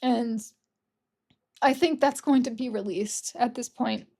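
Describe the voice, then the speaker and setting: A woman doing a casual, gentle pick-a-card tarot reading, gushing over the cards and openly emotional. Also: a little high, unhurried. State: tearful at times. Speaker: tarot reader.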